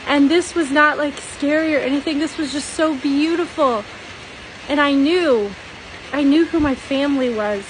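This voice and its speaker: A woman's voice: high-pitched, normal speed, slight background noise, poor audio. A middle-aged woman telling a personal dream testimony in an earnest, tearful way, often laughing.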